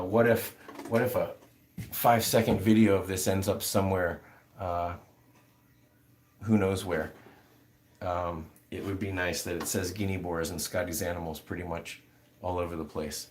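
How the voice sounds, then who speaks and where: A man with a lowish voice chats casually on a livestream, wandering through his thoughts with plenty of ums and uhs as he reads out and answers viewer questions. A faint hiss of noise sits behind him. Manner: rambling, many fillers, answers viewer comments. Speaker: livestream host.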